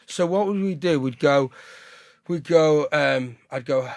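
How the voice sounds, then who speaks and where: A male stand-up comedian, chatting in a rambling, excitable way, often breaking into laughter and shouts. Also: mid-range voice, fairly quick, no room sound, clean studio sound. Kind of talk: casual chat.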